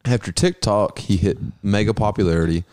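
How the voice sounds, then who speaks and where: Deep-voiced profane man ranting casually. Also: brisk, darkish tone, dry recording, clean studio sound. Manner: profane, rambling storyteller. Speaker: podcast co-host. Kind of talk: casual chat.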